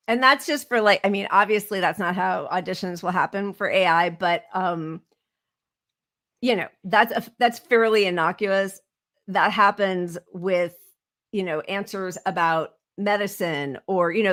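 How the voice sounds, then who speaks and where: A woman's voice: on the low side, a bit bright. Chatty woman podcast co-host. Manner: conversational, with frequent fillers. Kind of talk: casual political chat.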